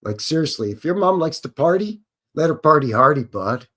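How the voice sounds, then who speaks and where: A man's voice: on the high side, lively intonation, fairly quick, fairly bright tone, slightly rough. A man hosting a casual live stream, reading text aloud and cutting in with wry, sarcastic remarks to his viewers, often stumbling and restarting.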